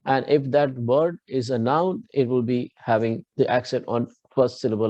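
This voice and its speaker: A man with an Indian English accent teaches pronunciation in a live online class, going slowly step by step, often restarting, and checking that his students understand. His medium-pitched voice is fairly even and dark, recorded dull with no echo.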